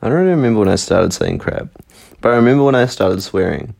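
A man co-hosting a podcast. His voice sits low but swings widely in pitch as he tells stories, laughing a lot and swearing without care. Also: animated, quick pace, vocal fry, a little mellow. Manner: laughs often, storytelling, swears freely. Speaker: podcast co-host. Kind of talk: casual podcast chat.

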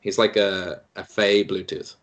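Low-voiced man narrating a game. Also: little pitch movement, a little slow, very noisy. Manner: descriptive, loose, with fillers. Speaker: game master.

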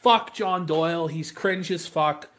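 A man's voice: fairly high pitch, a little slow, fairly bright tone. A man co-hosting a comedic podcast, giving blunt, profane commentary. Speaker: podcast co-host.

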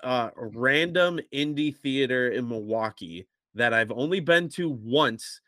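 A man's voice: medium pitch, lively intonation, unhurried, pushed and bright, dry recording, clean studio sound. A man co-hosting a podcast in casual chat, rambling a bit and chuckling between phrases. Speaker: podcast co-host.

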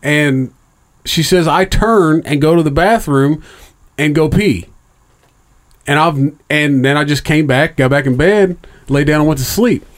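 A middle-aged man rambles through a personal story in casual, profane chat. He stumbles over restarts and fillers. His voice jumps up in pitch when he acts out what others said. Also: a little slow.

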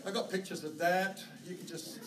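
A high-voiced man with a New Zealand accent preaching a sermon from a stage. He tells stories with animated energy and sometimes shouts out herding calls. The sound is roomy and distant, with a faint hiss behind it. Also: normal speed, crowd noise. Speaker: pastor. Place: church auditorium. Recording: roomy, distant hall mic with faint noise.

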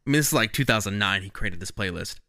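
A man's voice: lowish voice, animated, fast, pushed and bright, no echo, clean studio sound. A man co-hosting a music podcast, telling a rambling, enthusiastic story in casual chat on a podcast mic. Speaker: podcast co-host. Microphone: podcast microphone.

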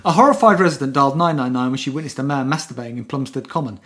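Male podcast co-host, quick and wry, reads news deadpan with jokey asides. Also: mid-range voice. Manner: wry, mock-serious reading with asides. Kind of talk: casual podcast banter, reading news stories aloud.

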